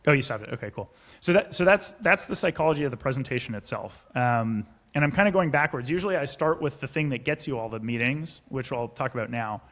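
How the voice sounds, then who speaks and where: A man's voice: medium pitch, lively intonation, quick pace, fairly bright tone. A man, a startup founder, talking casually as a podcast guest, acting out investor and founder lines and swearing freely. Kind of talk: casual explanatory interview talk.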